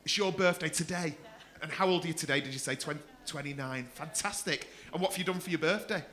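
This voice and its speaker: Man, comedy club host, high-pitched, bright tone, teasing crowd work, swearing. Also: fast talker. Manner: teasing, sweary banter with the audience.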